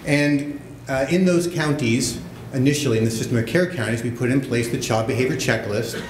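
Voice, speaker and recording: A man's voice: mid-range voice, fairly quick. Male conference panelist, casual and self-mocking, in a roomy hall with background noise. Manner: joking, self-deprecating, conversational. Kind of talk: conference talk with jokes. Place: large conference room with audience. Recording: echoey room, background noise. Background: audience laughter.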